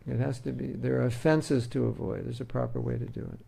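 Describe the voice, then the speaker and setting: A man with a deeply gravelly voice gives a relaxed, conversational devotional talk. His tone is dark and mellow, and he teaches through everyday examples and light jokes. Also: a little fast. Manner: conversational, joking, uses homely examples. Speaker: spiritual teacher.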